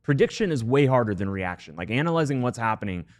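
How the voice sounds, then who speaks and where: A man's voice: mid-range voice, very animated, quick pace, no room sound, studio quality. A man co-hosting a sports podcast, wry and thinking aloud. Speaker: podcast co-host. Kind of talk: casual sports podcast analysis.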